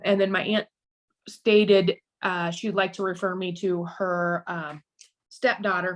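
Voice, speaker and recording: Halting mother telling a painful story. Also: on the low side, fairly bright tone. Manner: halting, many restarts. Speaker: guest. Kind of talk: emotional personal storytelling.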